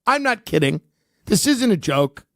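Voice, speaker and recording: A man's voice: sits high, big pitch swings, measured pace, gravelly, fairly bright tone, dry recording. A man doing a profane, sarcastic comedic rant, mocking and swearing as he goes.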